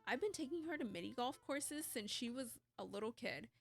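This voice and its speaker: A woman's voice: a little high, lively intonation, a little fast, gravelly, soft background music. A woman streamer reading a dating game aloud with playful, wry asides.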